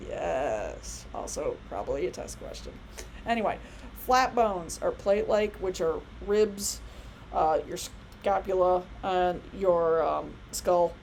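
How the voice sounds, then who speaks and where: A woman's voice: on the low side, expressive, takes it slowly, gravelly, darkish tone, a little hiss or hum, low-quality recording. A woman in her thirties giving a casual biology lecture, chatty and rambling with many fillers and asides. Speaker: college biology instructor.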